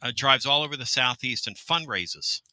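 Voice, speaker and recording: Folksy radio host, very bright. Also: male voice, mid-range voice, moderate pace, dry recording. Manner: folksy, teasing, uses man and goodness gracious. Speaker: radio sports talk host. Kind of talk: casual sports radio banter.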